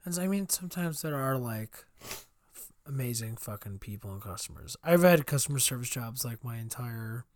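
A podcast co-host with a mid-range voice talks animatedly at normal speed, recorded without echo. He rambles through a long story in casual chat, imitating customers in quotes and cursing freely.

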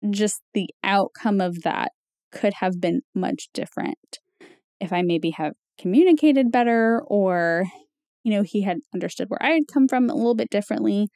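A woman's voice: medium pitch, expressive, moderate pace, darkish tone, no room sound, studio quality. A young woman co-hosting a podcast, talking in a casual, chatty way with lots of fillers and small laughs. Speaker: podcast co-host. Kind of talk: casual chat.

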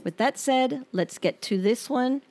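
A woman's voice: high-pitched, measured pace, loud music behind the voice. Candid woman hosting a podcast. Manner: candid, reflective, rambling. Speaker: podcast host. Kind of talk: personal podcast monologue.

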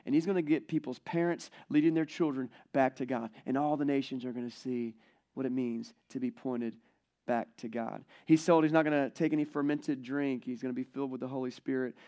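A man preaching a sermon, retelling scripture in a chatty, animated way. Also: mid-range voice, a little fast. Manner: conversational, animated storytelling. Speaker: pastor.

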